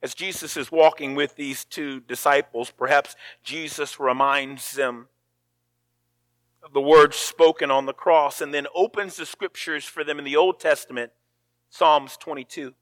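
A man preaching a sermon, swinging from hushed words to loud cries and often repeating himself. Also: on the high side, measured pace, dry recording. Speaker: pastor.

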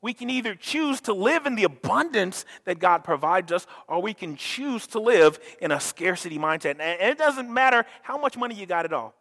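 A man preaching a sermon as pastor in a church, animated, with many restarts and questions thrown to the congregation. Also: high voice, moderate pace, hardly any pauses, long reverb tail. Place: church sanctuary.

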